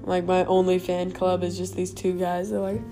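A woman's voice: on the low side, monotone, moderate pace, over loud music. A young woman hosting a casual solo podcast from home, rambling with self-mocking asides. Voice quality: creaky vocal fry. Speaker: podcast host.

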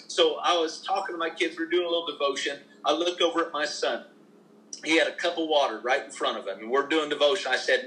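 Middle-aged preacher guy, bright forceful voice, emphatic storytelling in a conversational way. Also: a little high, brisk, poor audio. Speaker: minister, podcast guest.

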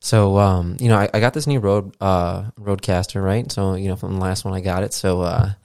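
A man's voice: sits low, steady tone, fairly quick, creaky, a little mellow, dry recording. A man hosting a casual solo podcast, rambling with lots of fillers and casual swearing, into a studio mic. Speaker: podcast host. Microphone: podcast mixer with studio mic.

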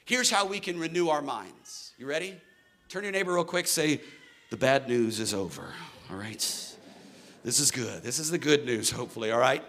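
A man's voice: mid-range voice, expressive, moderate pace, a bit bright. A man in his thirties preaching a sermon in a church hall, earnest and building to emphatic declarations. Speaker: pastor.

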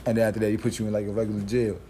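A man's voice: on the low side, little pitch movement, very fast, warm tone, slight background noise. A man co-hosting a podcast, talking loosely and joking in heavy slang. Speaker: podcast co-host. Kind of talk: casual podcast banter.

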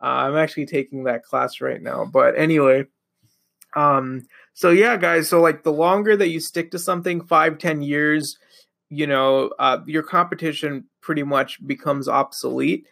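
A young man hosts his podcast alone, talking loosely and rambling with plenty of fillers. His voice sits a little high and has a gravelly, fried edge. He sounds a bit sleepy. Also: fairly even intonation, moderate pace, a bit bright. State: sleepy, yawning. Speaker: podcast host. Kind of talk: casual solo monologue.

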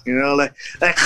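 A man in his fifties, born in the Philippines and raised near San Francisco, chatting as a comedian guest in a relaxed, slangy way with frequent chuckles. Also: a little high, heavy background noise. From Philippines, raised in South San Francisco. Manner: laid-back, chuckling, slangy. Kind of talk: casual interview chat.

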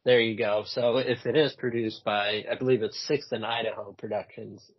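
A man co-hosting a casual podcast about comic-book films, animated and blunt, swearing often and repeating himself as he talks. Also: lowish voice, normal speed. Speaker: podcast co-host. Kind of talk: casual chat. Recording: dull lo-fi sound.

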